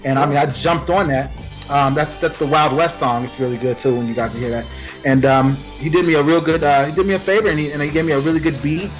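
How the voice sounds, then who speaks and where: Man, guest, fairly high voice, laid-back, rambling, ums, faint music behind. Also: fast. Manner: relaxed, rambling with many ums. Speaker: guest rapper. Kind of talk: casual interview chat.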